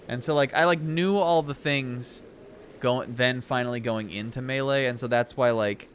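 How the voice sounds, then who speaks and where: Streaming a game, a young man chats casually and rambles, filling his talk with fillers and laughing asides as he reacts excitedly to the action on screen. His pitch is medium, and there's a little background noise.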